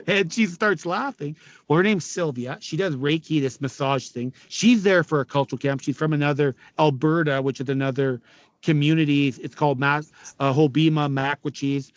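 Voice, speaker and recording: A man's voice: on the high side, moderate pace, no room sound, lo-fi sound. A middle-aged man from Canada, a podcast guest telling a long story in a casual way, swearing freely and acting out what people said. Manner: animated, profane, quotes people in dialogue.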